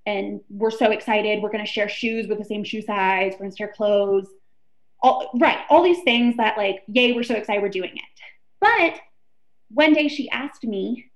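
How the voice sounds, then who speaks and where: A young Texan woman appearing as a guest on a reality show tells her story in a relaxed way, voicing her friends' lines with lively flair. Her pitch is medium and her pace moderate, with the high frequencies cut off.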